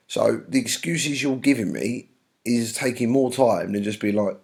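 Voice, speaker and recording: A man's voice: mid-range voice, normal speed, creaky, a little mellow. A male English teacher explaining a play in a chatty lesson, paraphrasing with slang asides.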